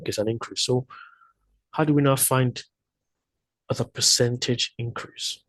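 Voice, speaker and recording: Husky man working through sums. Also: medium pitch, fairly even intonation, a little slow, fairly bright tone, no room sound, poor audio. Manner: thinking aloud, hesitant, self-correcting. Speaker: math tutor. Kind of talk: explaining math problems step by step.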